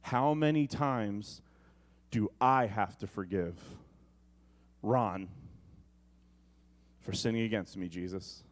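A man's voice: on the low side, slow pace, long pauses, voice pushed down. A man doing a grudging, sulky apostle. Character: grudging, cynical adult male apostle.

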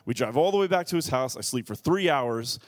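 A man who is a pastor, preaching a sermon and telling a funny story in a lively, animated way. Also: mid-range voice, brisk. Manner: animated, acts out other people's voices.

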